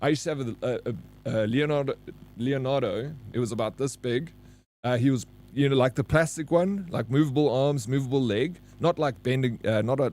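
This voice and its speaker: A man's voice: medium pitch, darkish tone. A man with a South African accent, a live streamer chatting casually and rambling with his viewers. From Johannesburg, South Africa. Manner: loose and rambling, reads chat aloud, laughs easily.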